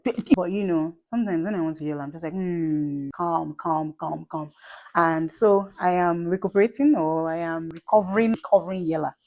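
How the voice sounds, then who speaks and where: A woman's voice: low-pitched, a little mellow. A woman in her late thirties with a Nigerian accent, talking to camera in a chatty, emphatic way with repeats and asides. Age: late 30s. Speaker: vlogger and mother. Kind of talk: casual talk to camera.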